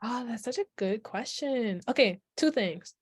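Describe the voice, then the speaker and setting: A woman's voice: fairly high pitch, a little slow, husky, dry recording, studio quality. A woman from Brooklyn, chatting animatedly as a guest on a video call, full of "like" and "yo". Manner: animated, lots of "like" and "yo", laughs often. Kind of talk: casual chat on a video call.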